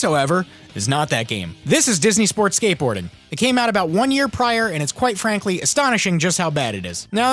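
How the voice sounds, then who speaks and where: A man's voice: sits high, fairly bright tone. A young man giving scripted, sarcastic commentary as a video game reviewer, with crude jokes.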